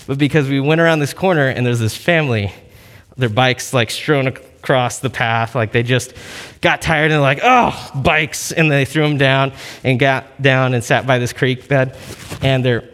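A man gives a relaxed, conversational sermon at a medium pitch, winding through a story with lots of "like" and restarts. His voice trails into a long reverb. The delivery is informal and storytelling. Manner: conversational, storytelling, many fillers. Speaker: preacher. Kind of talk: casual sermon.

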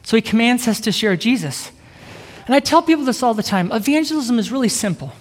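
A middle-aged man with a high voice, an evangelist giving an energetic sermon and keeping a live audience engaged. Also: fairly quick. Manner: upbeat, keeps asking the crowd "right?". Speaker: evangelist preacher. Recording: reverberant hall.

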